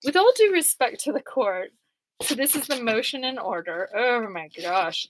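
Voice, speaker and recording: A woman's voice: fairly high pitch, expressive, normal speed, slight background noise, poor audio. A woman rambling casually over her court papers, chatty, laughing often and full of "like" fillers. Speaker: vlogger going through court papers.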